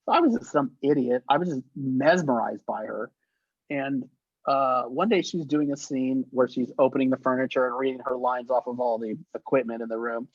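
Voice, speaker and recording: Animated, profane man telling stories. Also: medium pitch, moderate pace, dry recording, dull audio. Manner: animated, profane, laughing through his stories. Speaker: guest, actor and effects artist. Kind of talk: casual anecdotal storytelling.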